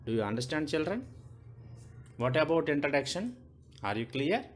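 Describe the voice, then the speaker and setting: A man's voice: a little high, big pitch swings, normal speed, a little hiss or hum. A male teacher with an Indian English accent, giving a lesson to young children, asking questions and repeating points.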